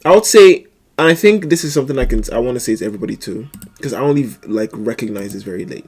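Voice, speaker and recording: A young man streaming live, chatting casually and animatedly, with sudden loud outbursts and laughter between mumbled asides. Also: medium pitch, animated, fast talker, husky. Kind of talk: casual livestream chat.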